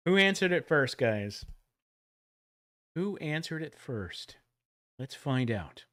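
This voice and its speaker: A man hosting a casual livestream trivia giveaway, joking around and calling out loud countdowns. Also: on the high side, very slow, pauses often. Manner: jokey, animated, loud countdowns.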